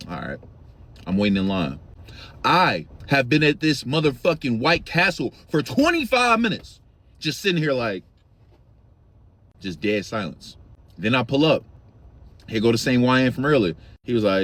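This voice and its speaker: A man's voice: mid-range voice, big pitch swings, fairly quick, fairly bright tone. A young man from Chicago telling a story in casual, slang-heavy, profane street talk.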